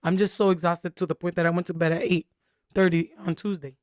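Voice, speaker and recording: A woman's voice: lowish voice, little pitch movement, fast talker, darkish tone, no room sound, studio quality. Candid young woman telling a long story. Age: young adult. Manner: candid, rambling storytelling with many fillers. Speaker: podcast co-host. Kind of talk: casual podcast chat.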